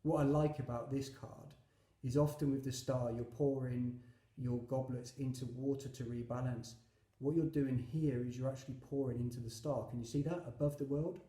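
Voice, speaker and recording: A man's voice: medium pitch, steady tone, moderate pace, mellow, roomy sound. A man giving a chatty, enthusiastic tarot reading, with many fillers and asides. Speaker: tarot reader.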